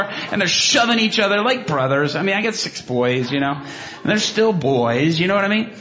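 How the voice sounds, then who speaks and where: A man preaching and telling a story, animated, with many restarts and asides, jumping into loud, high bursts when he acts out what people said. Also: brisk. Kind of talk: sermon storytelling. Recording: dull lo-fi sound.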